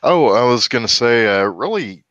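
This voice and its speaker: An earnest man with a twang speaks in a casual chat. His voice is bright and animated, lower than average, and sounds dry and close to the mic. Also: moderate pace, no room sound, lo-fi sound.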